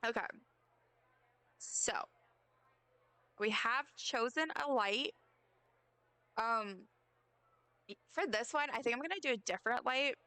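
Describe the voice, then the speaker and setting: A woman's voice: on the high side, slow pace, pauses often, bright, forceful tone, smooth, dry recording. A young woman, rambling casually and joking at herself while she streams a game. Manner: chatty, rambling, self-mocking asides. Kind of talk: casual live-stream chat while gaming.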